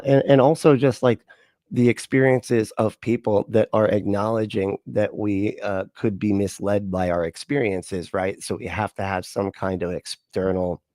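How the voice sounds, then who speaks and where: A man's voice: fairly low pitch, a little mellow, no echo, clean studio sound. A man hosting a livestream, giving sarcastic, rambling reaction commentary and chatting with his viewers. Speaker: livestream host.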